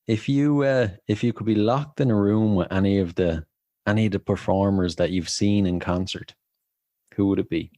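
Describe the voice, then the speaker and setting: A man's voice: fairly low pitch, moderate pace, mellow, no echo. A man hosting a podcast, laid-back, laughing along and giving short replies while asking questions. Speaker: podcast host. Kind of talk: casual interview chat.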